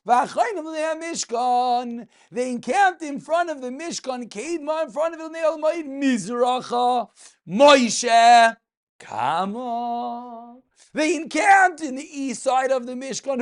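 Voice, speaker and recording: A man's voice: extremely high pitch, a little slow. A man, a rabbi teaching a daily Talmud class, who asks questions and answers them himself and repeats the key points in a sing-song study-hall cadence. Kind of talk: animated Talmud lesson.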